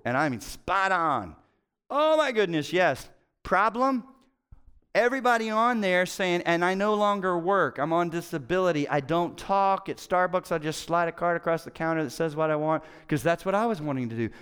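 Animated middle-aged preacher, smooth voice. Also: male voice, a little high, brisk, few pauses, in a large hall. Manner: conversational storytelling, animated swings from loud to hushed. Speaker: pastor. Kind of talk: sermon.

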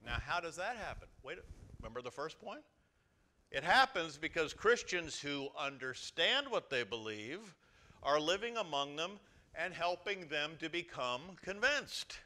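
A pastor preaches to his congregation in a church. His voice sits a little high and has a bright, forceful edge. He swings widely in pitch and loudness, dropping to quiet asides before rising to loud exhortation. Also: big pitch swings, unhurried. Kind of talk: sermon.

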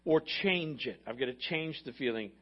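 A male pastor preaching an energetic, repetitive sermon and acting out quotes. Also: mid-range voice, normal speed. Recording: slightly muffled recording.

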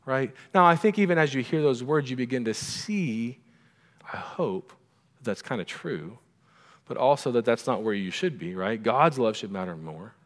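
A middle-aged man preaching in a church sanctuary, his voice carrying a long hall reverb. He talks to the congregation in a casual, conversational way, tossing in little asides to keep them with him, at an ordinary middle pitch. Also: very animated, moderate pace. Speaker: pastor. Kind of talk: sermon.

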